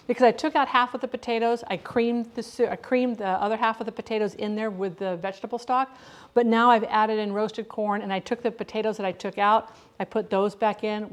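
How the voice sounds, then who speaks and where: A middle-aged woman talks through her cooking on a live stream in a slightly high voice. She rambles loosely and often restarts her sentences, the easy chatter of someone at home in her own kitchen. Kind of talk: casual live-stream chat while cooking.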